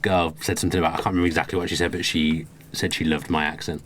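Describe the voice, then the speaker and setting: A man's voice: rumbling low, little pitch movement, very fast, a bit bright, a little hiss or hum. A man with a Birmingham accent, co-hosting a podcast in casual chat, opinionated and teasing. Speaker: podcast co-host.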